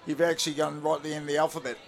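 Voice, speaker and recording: Gravelly Australian former footy player. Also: male voice, fairly high pitch, flat delivery, very fast. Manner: laid-back, chatty, lots of fillers and restarts. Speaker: rugby league commentator, studio guest. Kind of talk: casual radio chat.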